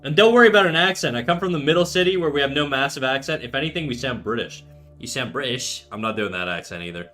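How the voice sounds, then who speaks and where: A man's voice: mid-range voice, lively intonation, racing, hardly any pauses, fairly bright tone, soft background music. A man in his thirties hosting a drawing livestream, chatting casually and profanely as he reads chat aloud. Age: 30s. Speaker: art livestreamer.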